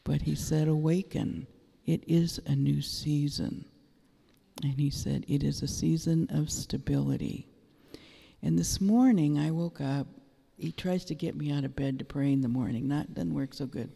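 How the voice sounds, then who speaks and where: A man's voice: on the high side, gravelly, dark tone. A man sharing a prophetic word at a prayer meeting, emphatic and repetitive. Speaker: prayer minister. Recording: echoey room with long reverb.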